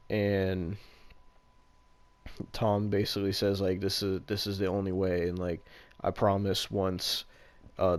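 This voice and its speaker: Low-voiced man rambling through a retelling. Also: no room sound. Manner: rambling, heavy use of "like" fillers, casual swearing. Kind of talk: casual chat retelling a movie plot.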